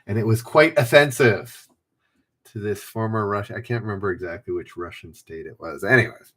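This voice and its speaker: Streaming trivia from home, this host reads out clues, greets chat members by name, and tends to ramble and correct himself. His lowish voice is a bit bright and fairly quick.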